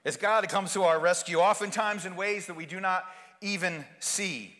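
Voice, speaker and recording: A man's voice: high-pitched, normal speed, sharp tone, big-room sound. A male pastor preaching a sermon, asking rhetorical questions and hammering points home through repetition.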